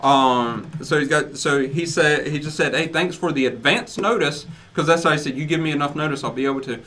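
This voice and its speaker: Upbeat man co-hosting radio, slightly high voice, sharp bright tone, plugs events. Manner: upbeat, promotional, talks in quick bursts. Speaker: radio co-host. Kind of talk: casual radio chat.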